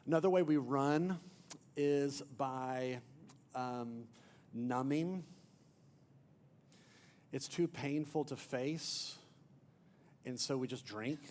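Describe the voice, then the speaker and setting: A man pastor preaching a sermon as an emphatic storyteller, swinging from loud to near-hushed. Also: mid-range voice, very slow, long pauses, slight background noise. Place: church.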